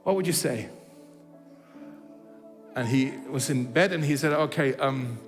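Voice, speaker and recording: A man's voice: on the high side, moderate pace, pauses often, long reverb tail, soft background music. A man preaching a sermon, telling a story and acting out its dialogue, with frequent restarts. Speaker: pastor. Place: church hall.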